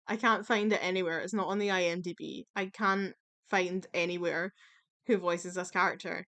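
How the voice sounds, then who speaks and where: A woman's voice: on the low side, fairly even intonation, normal speed, a bit bright. Chatty, opinionated woman vlogger. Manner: chatty and opinionated, with frequent fillers and casual swearing. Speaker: YouTube commentator. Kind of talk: casual tier-list chat.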